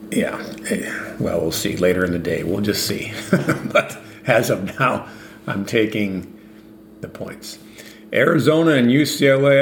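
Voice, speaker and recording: A man hosting a sports betting podcast, running through his picks in a relaxed, thinking-aloud way. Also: on the low side. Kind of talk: casual solo podcast picks. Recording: roomy with faint ambient noise.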